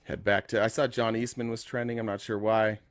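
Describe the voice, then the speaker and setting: A man hosting a live call-in political talk show, speaking casually, joking and thinking out loud as he reads the news. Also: lowish voice, flat delivery, a little fast, dry recording, studio quality. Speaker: host.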